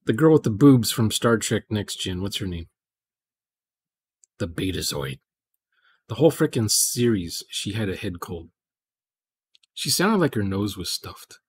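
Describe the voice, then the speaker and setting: A man's voice: on the low side, sing-song, measured pace, pauses often, breathy edge, no room sound, studio quality. A man hosting a programming livestream, rambling in casual chat and muttering to himself as he codes. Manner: rambling, muttering asides while coding.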